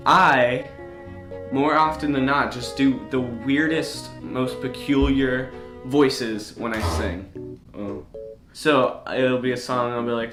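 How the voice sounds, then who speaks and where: A young man in his late teens rambles goofily to the camera and pokes fun at himself. His voice sits at a middling pitch. The room is echoey, with guitar music playing behind him. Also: lively intonation, measured pace. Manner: rambling, self-mocking, goofy. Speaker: vlogger. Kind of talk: casual chat to camera.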